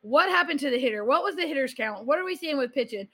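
A woman, hosting a casual solo talk show in an energetic, chatty and expressive way. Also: high-pitched, fast talker. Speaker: podcast host.

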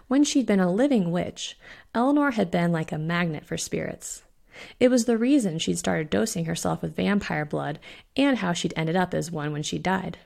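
Low, gravelly woman reading a story. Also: normal speed. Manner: steady, expressive reading. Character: witch Fiona voiced in own voice. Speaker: author reading her story.

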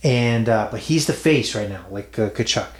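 Chatty podcast host in an echoey room. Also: male voice, lowish voice, moderate pace. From Toronto area, Canada. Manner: playful, teasing, repeats himself. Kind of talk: casual sports betting chat.

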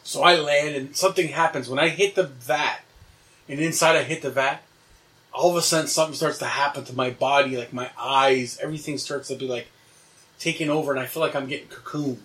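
A man's voice: mid-range voice, steady tone, brisk, fairly bright tone, recorded from a distance. A young man animatedly telling a wild dream story in casual chat, swearing and laughing as he goes.

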